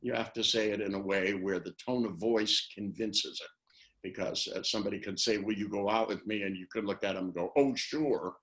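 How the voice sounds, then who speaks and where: A man's voice: lowish voice, fairly even intonation, fairly quick, fairly bright tone. An older man on a video call, talking casually and rambling through anecdotes, acting out the phrases he quotes. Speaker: interviewee, NLP trainer. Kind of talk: casual webinar talk.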